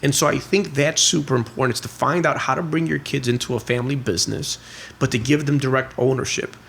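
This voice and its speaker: A man's voice: medium pitch, steady tone, fast, vocal fry, fairly bright tone, a little hiss or hum. A man in his forties, a guest on a podcast, telling stories in a rambling, casual way with many fillers and restarts. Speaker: guest, real estate investor. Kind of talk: casual interview storytelling.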